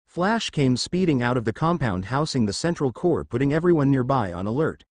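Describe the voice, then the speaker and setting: A man narrating a fan fiction story in a steady, expressive reading voice. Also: mid-range voice, fairly quick, few pauses, no echo, studio quality.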